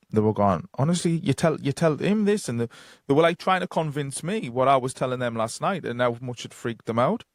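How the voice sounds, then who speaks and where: A man's voice: mid-range voice, no echo, clean studio sound. A man with a Geordie accent, telling long casual stories with many fillers as a guest on a podcast. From North East England. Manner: rambling anecdotes with many fillers and quoted dialogue. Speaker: guest psychic medium. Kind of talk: casual storytelling.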